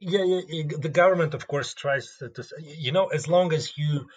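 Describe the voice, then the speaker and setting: A man with a Russian accent, a guest comedian in a casual interview, speaking in a measured way as he searches for words. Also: fairly high pitch, highs cut off.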